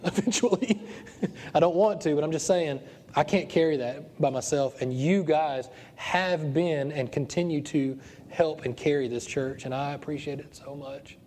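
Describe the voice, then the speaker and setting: Male pastor, earnest and emotional, warm low-key tone, faint room noise behind. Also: normal speed. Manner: earnest, emotional, repeats words. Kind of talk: sermon and closing prayer. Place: small church.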